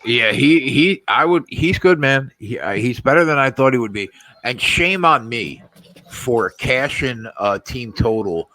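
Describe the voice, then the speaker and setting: A man talking sports bets in a casual chat, animated and poking fun at his own picks. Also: medium pitch, a little slow, rough recording. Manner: animated, self-mocking about bets. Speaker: sports bettor co-host. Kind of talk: casual live game chat.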